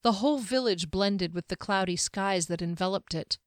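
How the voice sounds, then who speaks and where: A woman reading a fantasy novel aloud in a steady, even storytelling manner. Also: medium pitch, normal speed, no echo, clean studio sound. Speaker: audiobook narrator. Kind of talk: scripted fantasy narration.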